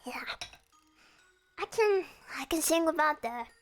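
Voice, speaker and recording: Soft-spoken high-voiced young woman streamer. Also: animated, measured pace, soft background music. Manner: soft, chatty and playful. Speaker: VTuber streamer. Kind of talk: casual chat stream.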